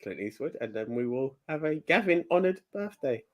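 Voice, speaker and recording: Drunk guy, co-host, slightly high voice, swings up and down, rambling and stumbling over words. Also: lively intonation, normal speed, muffled recording. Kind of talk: casual drunk chat on a live stream.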